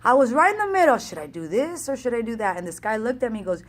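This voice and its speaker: A woman fitness coach telling a race story in a casual, energetic, chatty way, acting out the back-and-forth. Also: on the high side, quick pace, hardly any pauses.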